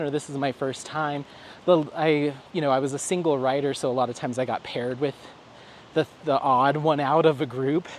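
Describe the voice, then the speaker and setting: A man's voice: on the high side, slight background noise. Chatty man vlogging on a walk. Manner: rambling, chatty storytelling with acted quotes. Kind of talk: casual vlog on a stroll. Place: outdoors, walking.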